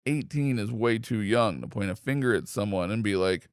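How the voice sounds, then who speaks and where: A man reading online posts aloud in steady, scripted narration. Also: on the low side, normal speed, clean tone, no echo, clean studio sound. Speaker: story reader.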